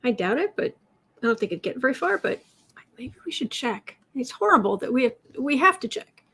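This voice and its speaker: A woman's voice: high-pitched, sing-song, fairly quick, slightly rough. Chatty woman reading viewer questions. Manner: chatty, reads out questions, talks to her cat in a soft baby voice. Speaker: tarot reader taking viewer questions. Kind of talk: casual livestream chat.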